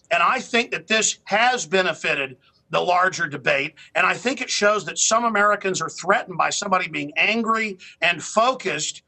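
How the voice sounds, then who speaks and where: A man from Texas ranting as a talk host, loud and combative, firing off questions and talking over others. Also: high-pitched. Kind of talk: heated debate and ranting monologue.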